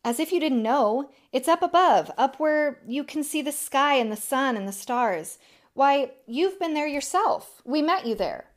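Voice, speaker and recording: A woman's voice: sits high, lively intonation, measured pace, pitched above the performer's own voice. A woman voicing an impatient schoolboy who scoffs and insists. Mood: scoffing. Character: impatient schoolboy fighting an enchantment.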